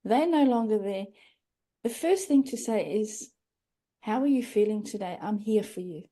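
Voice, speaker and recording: A woman's voice: mid-range voice, lively intonation, normal speed, dark tone. A middle-aged woman speaking earnestly as a guest in a podcast interview, acting out quoted phrases. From Australia. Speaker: grief coach, guest.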